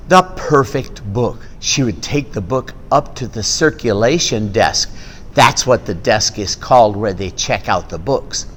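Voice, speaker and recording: A man's voice: medium pitch, a bit bright, big-room sound. A man telling a family story with puppets, acting out the animal sounds as he goes.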